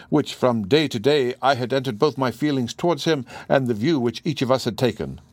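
A man's voice: medium pitch, dry recording, pitched above the performer's own voice, close to an everyday voice. A man reading the lines of a proud, desperate Russian woman, in an impassioned, accusing manner. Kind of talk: audiobook dialogue reading.

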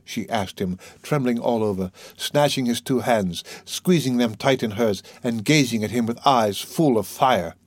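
A man narrating a classic novel in a measured, subdued manner. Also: medium pitch, dry recording. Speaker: audiobook narrator. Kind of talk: scripted narration.

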